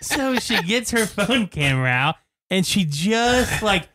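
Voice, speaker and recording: A man with a fairly high voice tells a story in loose, casual chat. He laughs often, swears freely, and jumps into quoted voices as the story picks up. His delivery stays animated and conversational throughout. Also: unhurried.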